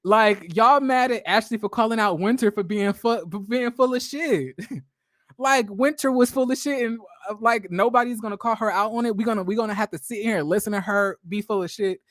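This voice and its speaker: A man's voice: sits high, fairly quick, fairly bright tone, no echo, studio quality. A young man giving casual, profane reaction commentary on a reality show during a live stream, chatty, laughing a lot and restarting his sentences.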